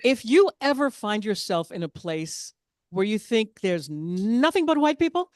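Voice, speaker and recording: Woman comic, mid-pitched, chatty, self-mocking stand-up, dry close sound. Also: big pitch swings, unhurried, darkish tone, dry recording. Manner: chatty, self-deprecating, asides to the audience. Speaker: stand-up comedian. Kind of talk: stand-up comedy set.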